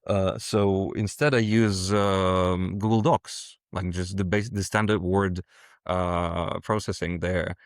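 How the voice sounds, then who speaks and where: Soft-spoken man with a dry sound. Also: low-pitched, flat delivery, slow, no echo. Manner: hesitant, many fillers and restarts. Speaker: guest, game designer and world builder. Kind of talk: casual interview conversation.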